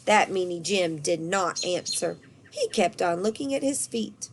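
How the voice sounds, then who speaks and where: A woman reading a children's storybook aloud, lively and expressive. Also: fairly low pitch, a little slow, slight background noise.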